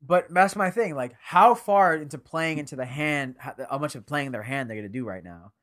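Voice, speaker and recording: A young man co-hosting a casual anime podcast, animated and profane, often acting out characters' lines. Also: a little high, moderate pace. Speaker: podcast co-host. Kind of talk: casual anime review chat.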